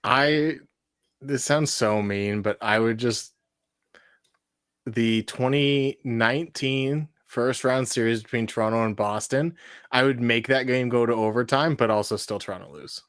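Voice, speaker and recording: A man's voice: medium pitch, measured pace, fairly bright tone, clean tone, no echo, clean studio sound. A man appearing as a guest on a live stream, giving short laid-back answers. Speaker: guest scout. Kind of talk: casual live-stream chat.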